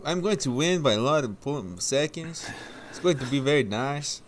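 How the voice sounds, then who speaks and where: A man imitating a self-assured male racing driver with slow, simple phrases and a raised voice. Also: mid-range voice, expressive, slight background noise, pitched above the performer's own voice, natural voice. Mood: smug, polite.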